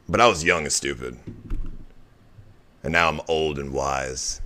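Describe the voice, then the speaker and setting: A man with an extremely deep, low voice talks someone through their feelings on a stream. He coaxes and persuades in a relaxed, casual way. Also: unhurried, pauses often. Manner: coaxing, persuasive.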